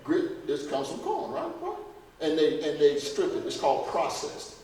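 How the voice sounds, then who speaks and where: A man's voice on the high side, with a darkish tone, swoops wildly in pitch at a moderate pace. He gives a folksy, emphatic health lecture to a church audience in a church hall, firing rhetorical questions at the crowd. The recording is echoey and captured from far off in the hall.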